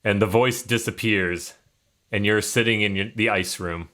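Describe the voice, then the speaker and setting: A man narrating as game master in a relaxed, halting way, with fillers. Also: lowish voice.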